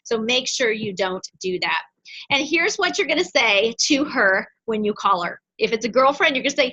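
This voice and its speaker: A middle-aged woman teaches a sales class with sharp, bright energy, her voice sitting a little high. She leans hard on key points and acts out the phone calls she wants her students to make. The recording is dull and lo-fi. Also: normal speed. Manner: energetic, emphatic, dramatizes phone scripts. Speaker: direct-sales trainer. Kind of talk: motivational training class.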